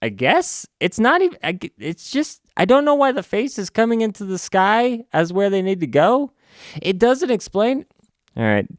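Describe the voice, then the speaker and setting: Halting, sarcastic man recapping a comic. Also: high-pitched, huge pitch swings, no room sound, studio quality. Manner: halting, restarts, sarcastic asides. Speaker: comic book reviewer. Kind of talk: casual recap.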